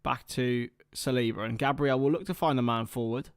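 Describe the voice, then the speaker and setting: A man doing chatty live football commentary for a watchalong stream, excitable and talking to his viewers. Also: medium pitch, brisk, clean tone, dry recording, clean studio sound.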